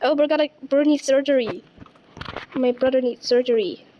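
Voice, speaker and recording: A woman's voice: sits high, normal speed, dark tone, low-quality recording. A woman playing a game and chatting to herself, jumpy and squealing when scared. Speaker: gamer playing a horror game. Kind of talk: casual gameplay commentary.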